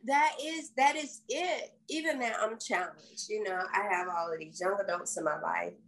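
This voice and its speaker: A woman's voice: mid-range voice, normal speed, rough recording. Southern woman musing in easy conversation. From American South. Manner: reflective, warm-hearted storytelling with folksy phrases. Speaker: podcast co-host. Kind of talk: casual conversation.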